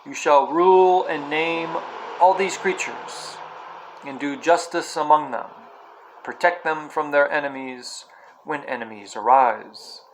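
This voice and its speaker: A man voicing a great male lion who speaks in a grave, slow and measured way. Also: fairly high pitch, a little hiss or hum, close to an everyday voice, rough recording. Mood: solemn, kingly. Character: great male lion, solemn, kingly and kind.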